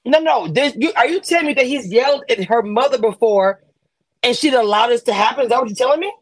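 Husky excitable woman hosting a reaction chat. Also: on the high side, quick pace, dry recording. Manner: excitable, interrupts, cries hold on and wait. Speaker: show host.

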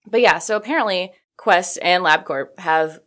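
A woman's voice: on the low side, normal speed, fairly bright tone. A woman hosting a video, telling a story in a casual, chatty way with lots of "like" fillers, loose swearing and self-correcting asides. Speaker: video host.

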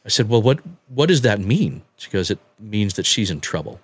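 A man telling a personal story on a podcast, halting and repeating words as he acts out what people said. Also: lowish voice, big pitch swings, breathy edge. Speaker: guest telling his story.

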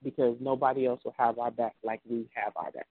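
Female host, animated and emotional, phone-thin dry audio. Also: rumbling low, brisk, dry recording. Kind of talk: casual chat. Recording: tinny dry phone-like sound.

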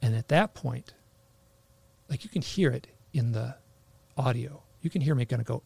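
A man's voice: mid-range voice, expressive, moderate pace, creaky, darkish tone, breathy edge, no echo. A man telling a personal story in casual conversation, rambling with lots of "like" fillers and restarts. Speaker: interview guest.

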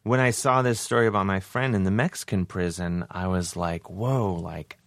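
A man, a comedian guest, telling a rambling, animated story on a casual podcast, acting out what people said. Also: low voice, fairly quick, clean tone, no room sound. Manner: rambling, animated, acts out quotes.

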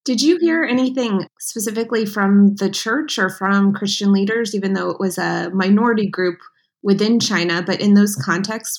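A woman's voice: mid-range voice, vocal fry. Woman asking long, careful questions. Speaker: interviewer. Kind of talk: interview questions.

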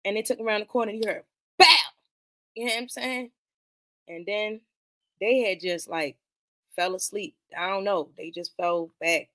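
A woman's voice: mid-range voice, normal speed, dry recording. Slangy woman telling a movie story. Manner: animated, slangy storytelling with frequent profanity. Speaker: podcast host reviewing a film. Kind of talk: casual movie commentary.

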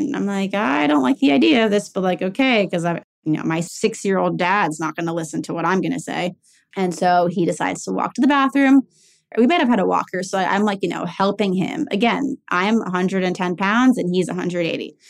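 A young woman in her twenties with a lowish voice that drops into a gravelly fry. She tells her own story candidly and loosely, full of "like" and "you know.". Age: 20s. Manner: candid, filler-heavy with frequent "like". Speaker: caregiver sharing her story. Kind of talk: personal storytelling.

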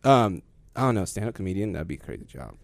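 A man's voice: sits low, big pitch swings, fast talker, gravelly, no echo. A man chatting casually on a podcast, rambling and often trailing off, laughing a lot. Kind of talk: casual chat.

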